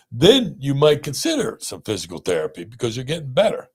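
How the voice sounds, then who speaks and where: A man's voice: medium pitch, a little fast, few pauses, husky. A middle-aged man, a pain doctor hosting a podcast, telling stories in casual chat and acting out the people he quotes. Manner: animated, acts out quoted voices.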